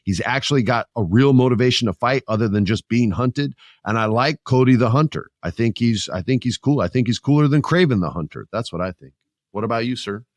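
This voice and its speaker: A middle-aged man hosting a podcast, chatting about wrestling in a lively, joking way. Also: medium pitch, fairly quick, no room sound. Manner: animated, joking, puts on voices. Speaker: podcast host. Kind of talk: casual wrestling chat.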